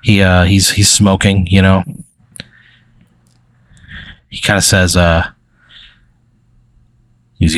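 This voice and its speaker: A man's voice: sits low, little pitch movement, slow, pauses often, fairly bright tone, no echo. A man narrating a tabletop role-play as game master, in a rambling style full of fillers.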